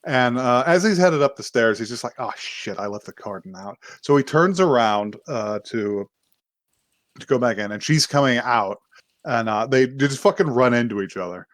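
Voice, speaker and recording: A man's voice: mid-range voice, normal speed, dry recording. A man co-hosting a podcast, casually recapping an anime with lots of swearing and laughter. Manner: rambling, profane, laughs often. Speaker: podcast co-host.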